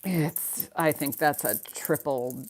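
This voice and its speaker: A woman's voice: low voice, slow pace. A middle-aged woman hosting a live jewelry auction stream, chatting casually and rambling, laughing often.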